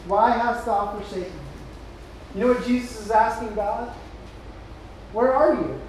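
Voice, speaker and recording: High-voiced man preaching in an echoey hall. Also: expressive, a little slow, pauses often, recorded from a distance, a little hiss or hum. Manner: impassioned preaching, swinging between loud cries and hushed lows. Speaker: pastor. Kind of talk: sermon.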